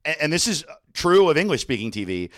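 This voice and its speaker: A man's voice: a little high, sing-song, a little fast, fairly bright tone, no room sound, studio quality. A man co-hosting a casual comedy podcast, crude and profane, laughing often.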